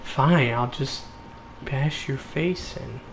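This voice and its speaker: Male gamer, unhurried joking commentary, playful silly delivery. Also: medium pitch, gravelly, reverberant, slight background noise. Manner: goofy, joking, puts on silly voices. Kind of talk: let's play commentary.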